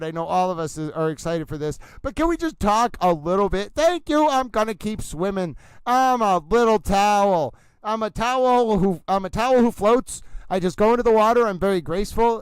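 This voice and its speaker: Male livestream host, theatrical and playful, with a smooth, resonant voice. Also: high-pitched, dry recording, rough recording. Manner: silly, theatrical, rambling, addresses "ladies and gentlemen".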